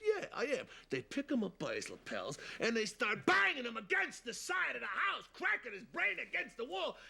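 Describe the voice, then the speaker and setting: A brash, animated man with a New Jersey accent tells a children's story the way a mobster would. His voice sits high and bright, with a gravelly texture and pitch that swings widely. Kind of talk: film comedy acting.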